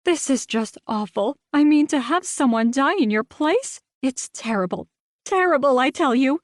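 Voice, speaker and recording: A woman voicing an excitable, gossipy small-town woman who fires off breathless questions. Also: sits high, no echo, studio quality, voice pushed up. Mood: frantic. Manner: breathless, rapid-fire questions.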